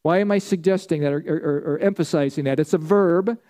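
A man preaching an emphatic sermon, with a high voice for a man. His tone is mellow and dark rather than bright. He builds his points through repeated phrases and calls on the congregation to answer back. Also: brisk. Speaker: pastor.

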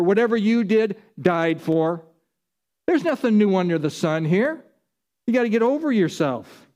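A man's voice: high-pitched, a little mellow. A man preaching a sermon, emphatic, repeating his key phrases.

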